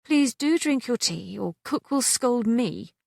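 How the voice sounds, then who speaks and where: A woman voicing a kind, breezy young English heiress who talks briskly and teasingly. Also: fairly high pitch, animated, creaky, a little mellow, no echo, clean studio sound, pitched above the performer's own voice, full character voice.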